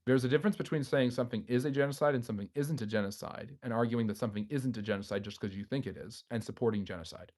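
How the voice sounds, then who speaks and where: A man's voice: mid-range voice, very fast, few pauses, darkish tone. A man hosting a history channel's live stream, reading viewer comments aloud and answering them off the cuff.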